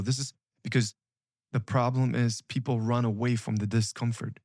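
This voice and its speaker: A man's voice: mid-range voice, level tone, moderate pace, a little mellow, dry recording. Emphatic male coach, dry close sound. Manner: emphatic, repetitive, urgent. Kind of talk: motivational coaching talk.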